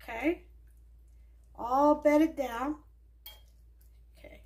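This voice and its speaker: A cooking show host with a mixed Southern US and New York accent chats in a laid-back way while working in her kitchen during a casual home cooking demonstration. Her voice is high-pitched and gravelly with a darkish tone, and she draws out her words.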